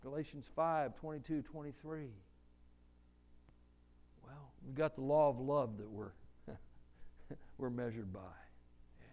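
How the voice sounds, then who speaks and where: A male preacher giving a sermon in a church, slow and conversational, asking the congregation questions. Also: medium pitch, steady tone, darkish tone.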